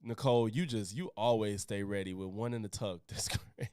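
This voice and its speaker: A man's voice: on the low side, brisk, smooth, no echo, studio quality. A man streaming a reaction to a podcast clip, talking casually with heavy swearing, frequent laughter and growing indignation. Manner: animated, profane, laughing often.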